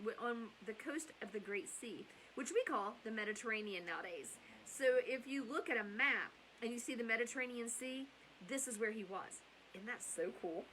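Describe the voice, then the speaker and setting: A middle-aged woman with a somewhat high voice tells a bedtime Bible story. She rambles into chatty asides and corrects herself as she goes. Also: a bit bright, a little hiss or hum, low-quality recording. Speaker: storyteller and host.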